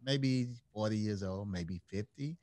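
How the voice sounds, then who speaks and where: A man's voice: on the low side, a little slow, a little mellow, no room sound, clean studio sound. A man hosting a podcast interview, asking reflective questions and exhorting listeners in a rousing, preacher-like way. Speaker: podcast host.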